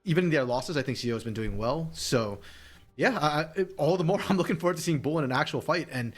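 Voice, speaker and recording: A man's voice: on the high side, animated. A man giving esports colour commentary, breaking down items and players in an analytical way. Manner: analytical, quick, chuckles often. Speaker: colour caster.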